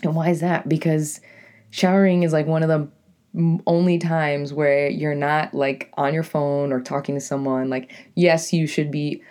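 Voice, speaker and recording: A young woman with a deep, raspy voice and a New England accent, hosting her own podcast as a poet in a rambling, casual monologue full of "like" and "you know". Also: little pitch movement, normal speed, a little mellow. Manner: rambling, lots of "like" and "you know", self-correcting.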